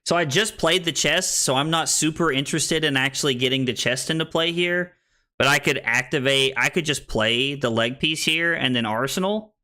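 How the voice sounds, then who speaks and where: A man's voice: fairly high pitch, normal speed, sharp tone. A young American man casually commenting on his card game stream, thinking aloud with many restarts. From United States.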